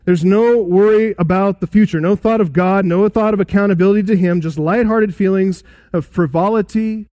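A man with a fairly high voice preaches an expository sermon. He is emphatic, then sinks into hushed, solemn asides. The sound is dry and close to the mic. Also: no room sound. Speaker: pastor.

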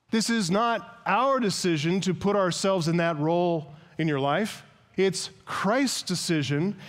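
A man preaching an earnest expository sermon as a pastor, reading scripture aloud and explaining it. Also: on the high side.

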